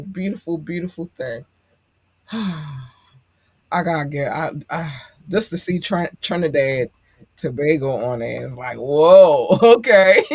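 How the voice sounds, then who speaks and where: A woman co-hosting a podcast chats casually with listeners, effusive and affectionate, laughing often. Her voice is deep, with no echo.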